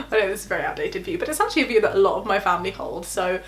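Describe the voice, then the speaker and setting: A young woman chatting casually about her PhD life, laughing often and acting out quotes in high voices. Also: expressive, rapid-fire. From England. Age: young adult. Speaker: PhD student vlogger. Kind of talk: casual reaction vlog.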